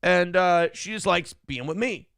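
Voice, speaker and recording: A man's voice: sits high, a little slow, creaky, clear, resonant tone, dry recording, studio quality. A man hosting a morning talk show, telling stories in casual, profane chat and swearing freely. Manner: animated storyteller, swears freely.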